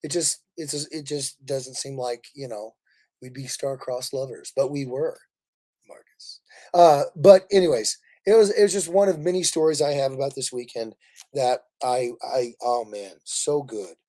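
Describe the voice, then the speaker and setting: A man from Kansas City, Missouri, hosting a casual livestream, animated and laughing as he rambles through stories. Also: medium pitch, moderate pace. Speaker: livestream host.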